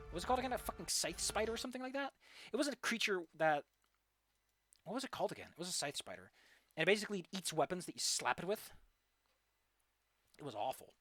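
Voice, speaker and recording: A young male streamer chats over his gameplay in a sarcastic, ranting way, swearing freely. He talks very fast, in a fairly high voice. Faint music plays behind him. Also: a bit bright. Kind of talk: casual gaming stream chat.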